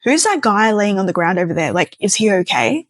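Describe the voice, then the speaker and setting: A man's voice: high-pitched, very animated, fairly quick, fairly bright tone, no room sound, clean studio sound. A woman voicing a lazy, talkative male small-town police officer who rambles in a folksy, chummy way. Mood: chatty.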